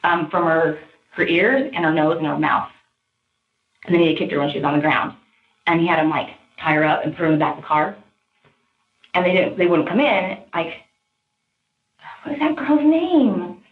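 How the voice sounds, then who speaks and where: Animated woman with a fast, pressured voice, low pitch, tinny echoey room audio. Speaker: interviewee. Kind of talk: police interview.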